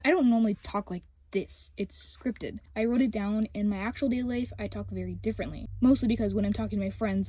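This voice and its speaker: Woman host, warm dark tone, dry close voice-over, frank and casual writing advice. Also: mid-range voice, dry recording. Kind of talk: scripted voice-over.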